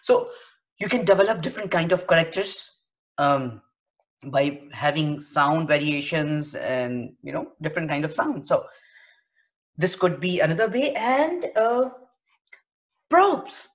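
A woman's voice: sits low, lively intonation, a little slow. A woman teaching storytelling to early-years educators, explaining with many fillers. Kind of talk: storytelling lesson. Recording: dull lo-fi recording.

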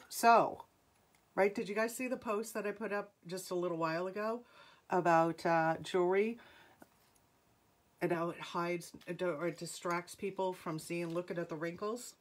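A middle-aged woman with a New England accent runs a live jewelry sale, speaking in a mid-range voice at a moderate pace. She chats with viewers and calls out item numbers.

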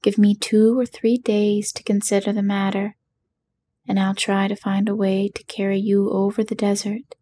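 A woman's voice: mid-range voice, little pitch movement, normal speed, mellow, natural voice. A woman voicing a humbled little man posing as a wizard, in whispered role-play with a meek, apologetic manner.

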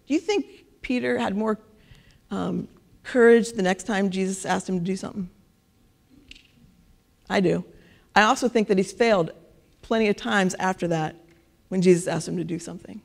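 A woman gives a relaxed, conversational sermon and keeps checking in with her listeners. Her mid-range voice carries a gravelly, creaky texture. She sounds like she is talking to a church congregation. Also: medium pitch, moderate pace, long pauses. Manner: conversational, keeps asking "right?". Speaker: preacher. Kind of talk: casual sermon.

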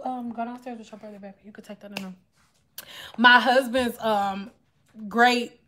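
A woman's voice: a little high, fairly bright tone. A woman in her thirties, chatting and joking straight to her viewers in a casual vlog. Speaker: vlogger. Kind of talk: casual chat to viewers while doing hair.

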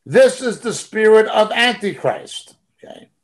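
A man's voice: high voice, animated, measured pace. A middle-aged man teaching a Bible study over a video call. He reads scripture verses aloud and follows them with emphatic comments.

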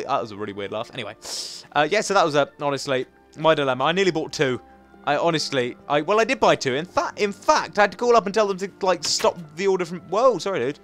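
Excitable young man gaming. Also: on the high side, quick pace. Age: young adult. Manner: excitable, chatty, sudden loud squeals. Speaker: gaming channel host. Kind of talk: casual let's play commentary. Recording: faint game music behind.

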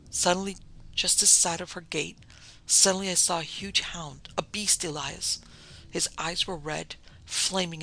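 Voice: mid-range voice, vocal fry, pushed and bright, full character voice, rough recording. A narrator voicing a terrified young colonial wife who speaks in breathless, panicky sobs in an audio horror story.

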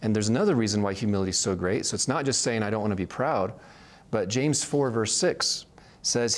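A man's voice: lowish voice, fairly quick. A man teaching a casual Bible study, talking conversationally and often checking in with "right?". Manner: conversational, frequent "right?" check-ins, restarts.

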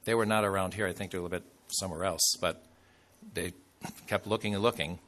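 A man's voice: sits low, steady tone, fast, fairly bright tone. A man preaching a sermon as a bishop, telling a story in a loose, conversational way with fillers and asides.

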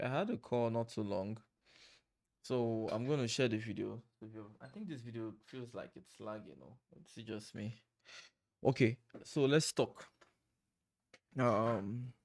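A man's voice: fairly low pitch, vocal fry, a little mellow. Rambling man vlogging at night. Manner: rambling, self-interrupting, laughs at himself. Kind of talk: casual chat to camera. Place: home room at night. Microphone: desk microphone.

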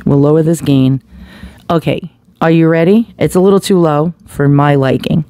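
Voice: mid-range voice, moderate pace, gravelly, mellow, dry recording. A product reviewer at home, talking casually and bluntly while testing a desktop condenser microphone at varying distances. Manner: chatty, blunt, swears casually. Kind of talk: casual microphone test demo. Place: at home near household appliances. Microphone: desktop USB condenser mic, distance changing.

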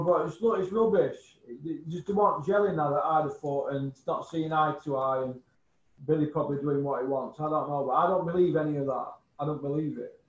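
Bloke ranting about fighters, high pitched, roomy echo, kinda dull lo-fi sound. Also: male voice, fairly quick. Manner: scornful, swearing, repeats insults. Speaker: boxing pundit guest. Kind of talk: blunt opinionated chat.

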